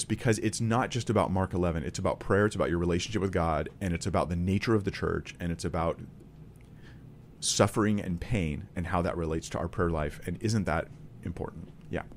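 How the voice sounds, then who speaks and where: Low-voiced, earnest man teaching the Bible. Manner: earnest, emphatic, restating key points. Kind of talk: conversational Bible study.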